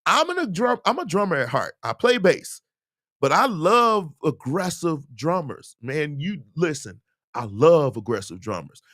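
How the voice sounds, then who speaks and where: A man's voice: a little high, a little slow, dry recording, studio quality. A man hosting a casual Q&A livestream, talking emphatically and animatedly about music and dating. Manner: animated, emphatic, preachy asides. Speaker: host, musician.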